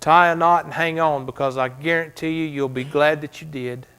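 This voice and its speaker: Pastor guy preaching in church, bit high voice, goes quiet then loud, dramatic storytelling. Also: fairly even intonation, normal speed, clean tone. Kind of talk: sermon.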